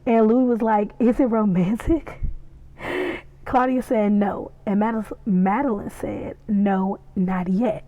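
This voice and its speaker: Chatty, excitable woman reviewing a show. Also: mid-range voice, slow pace, no room sound, narrow, tinny audio. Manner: excitable, chatty, acts out the scenes. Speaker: podcast reviewer. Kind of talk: casual recap and reaction.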